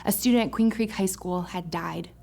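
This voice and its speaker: A woman's voice: fairly low pitch, moderate pace, gravelly, darkish tone. A young adult woman pastor preaching a sermon, earnest and emotional, rising into impassioned prayer. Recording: faint music behind.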